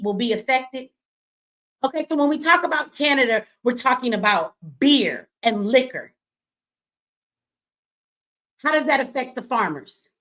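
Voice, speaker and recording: A woman running a live stream, confrontational and profane, swinging between yelling at viewers and slow, emphatic explaining. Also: on the high side. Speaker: livestreamer answering her chat; business owner.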